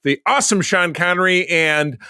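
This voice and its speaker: A man co-hosting a podcast in casual chat, animated and laughing, with a gravelly voice. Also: high voice, normal speed, dry recording, studio quality. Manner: animated, laughs often, trails off mid-sentence. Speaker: podcast co-host.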